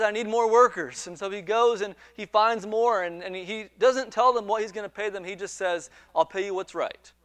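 A man with a high voice preaches a sermon. He retells a parable in an animated way, acts out the quoted dialogue and repeats words as he builds each point. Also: clean tone, no echo. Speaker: pastor.

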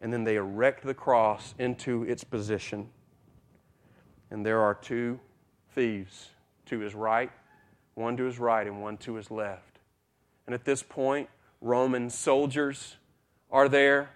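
A man preaching a sermon, retelling a story with dramatic swings between loud passages and hushed ones. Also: medium pitch, fairly even intonation, slow pace, pauses often. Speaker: pastor.

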